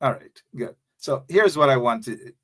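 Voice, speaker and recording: A man's voice: mid-range voice, lively intonation, moderate pace, a bit bright. A man with a Guyanese accent hosting a live talk show, preachy and repetitive, calling out his viewers by name. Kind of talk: impassioned live-stream commentary.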